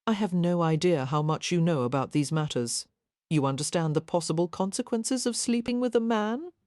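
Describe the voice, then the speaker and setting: Practical frank young victorian wife, warm low voice, woman narrator doing her. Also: moderate pace, dry recording, studio quality, close to an everyday voice. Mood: delicate. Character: pragmatic caring young Victorian matron.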